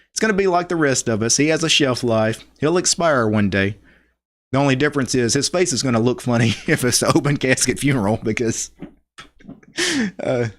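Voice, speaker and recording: Middle-aged Louisiana man, host of a relaxed live stream, easygoing and chatty, mid-pitched voice, reads out viewer comments. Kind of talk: casual live stream chat.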